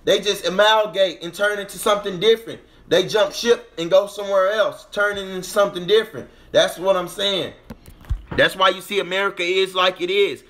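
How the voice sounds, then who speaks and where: A man's voice: sits high, steady tone, a little fast, fairly bright tone. A man hosting a casual livestream, rambling through a monologue and talking to his chat, with a filler phrase he keeps repeating. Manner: rambling, repeats "you get what I'm saying", talks to chat. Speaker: livestream host.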